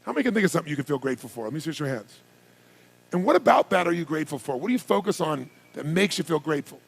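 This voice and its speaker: A man works a seminar crowd with a high, swooping voice that leaps all over its range. His tone is gravelly and raspy, and he fires question after question at the room. He builds from low intensity to shouted hype. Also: animated, low-quality recording. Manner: rapid-fire rhetorical questions, commanding the crowd. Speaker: motivational speaker. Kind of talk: live seminar speech to an audience.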